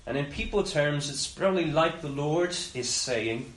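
A man's voice: on the high side, a bit bright, a little hiss or hum. Man, casual sermon, roomy echo, faint background ambience. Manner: conversational, voicing the master in quick asides. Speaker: preacher.

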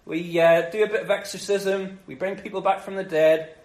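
A man voicing a group of boastful, bumbling male disciples who pitch themselves like salesmen. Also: fairly even intonation, normal speed, a little mellow, reverberant, close to an everyday voice. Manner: cocky, chatty salesman patter.

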